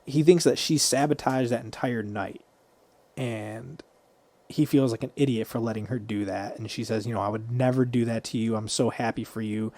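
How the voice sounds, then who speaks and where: A man's voice: medium pitch, steady tone, normal speed, a little mellow. A man co-hosting a podcast, casually retelling a movie scene by scene and swearing freely. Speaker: podcast co-host.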